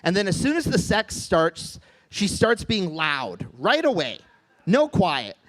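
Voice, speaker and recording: A comedian in his thirties from the American Midwest does a stand-up set on a comedy club stage. His voice is high, and his deadpan delivery is halting, full of restarts.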